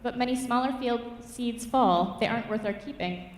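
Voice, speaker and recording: A determined young farm girl, pitched high and pushed loud, pleading and yelling, as a woman reading a storybook fable puts her on. The voice rings through a reverberant church hall, picked up from well back from the mic. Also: moderate pace, close to an everyday voice. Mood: earnest. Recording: echoey church hall from far off.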